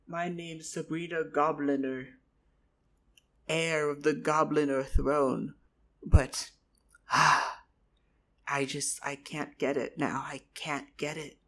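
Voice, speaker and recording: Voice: medium pitch, a bit bright. A storyteller doing a foul-mouthed goblin heiress. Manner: swearing, boastful, cocky. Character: brash exiled goblin heiress, foul-mouthed young woman.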